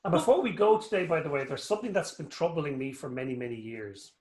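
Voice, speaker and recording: Chatty Irish man, slightly high, recorded in an echoey room. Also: quick pace. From Northern Ireland. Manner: rambling, animated storyteller, joking. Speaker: guest, anatomist. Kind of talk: casual interview chat.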